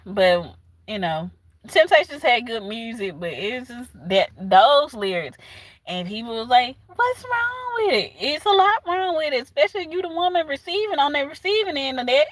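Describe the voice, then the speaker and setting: A woman with a Southern US accent chatting casually with her livestream viewers, animated and laughing often. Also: high-pitched, normal speed, no room sound. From southern United States. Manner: animated, laughs often, talks back to chat. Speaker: livestream host.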